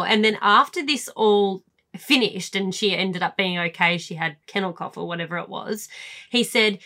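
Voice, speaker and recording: A woman, co-hosting a casual chat and telling animated stories while laughing easily. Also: lowish voice, moderate pace. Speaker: podcast co-host.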